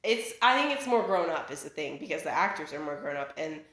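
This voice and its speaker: A woman's voice: low voice, lively intonation, a little fast, noisy background. Chatty young woman ranting at home. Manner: chatty, filler-heavy, self-interrupting. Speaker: vlogger. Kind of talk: casual rant. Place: living room at home. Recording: echoey home room.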